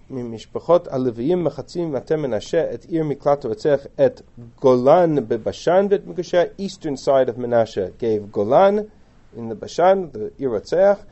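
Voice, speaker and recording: A man teaches a scripture lesson, reading each verse aloud and then translating it line by line. His voice is warm and mellow and swings lively up and down in pitch. The recording sounds dull and muffled. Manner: chatty asides and rhetorical questions. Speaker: Torah teacher. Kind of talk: lecture on a biblical text.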